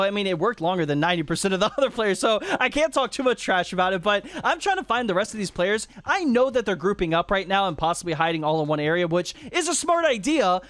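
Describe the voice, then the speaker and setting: A man hosting a gaming channel, giving excitable, rambling live commentary on a match and stumbling over player names. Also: high voice, dry recording.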